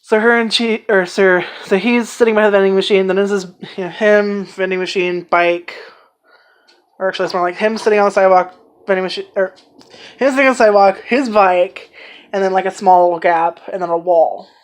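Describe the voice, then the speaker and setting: A woman giving a casual, rambling anime review, excitedly retelling scenes and swearing freely. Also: mid-range voice, fairly quick.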